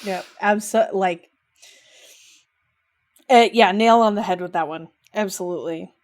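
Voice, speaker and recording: A woman's voice: mid-range voice, a little slow. A young adult woman co-hosting a podcast, casually and emotionally recapping a video game with lots of filler words. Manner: gushing, emotional, lots of "like" and "rad". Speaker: podcast co-host.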